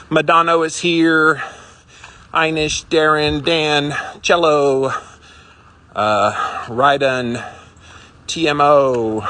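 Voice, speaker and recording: A man's voice: medium pitch, fairly bright tone, a little hiss or hum. A man hosting a casual livestream while walking outdoors, chatting and reading out viewer comments. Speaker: livestream host. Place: outdoors on a walk.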